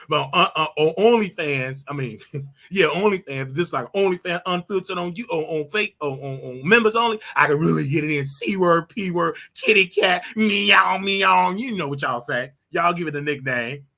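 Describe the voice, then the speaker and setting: A man's voice: a little high, normal speed, gravelly, bright, forceful tone. A man ranting casually on a livestream in a flamboyant, sing-song way, with sudden yelps and laughter. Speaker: online preacher commentator.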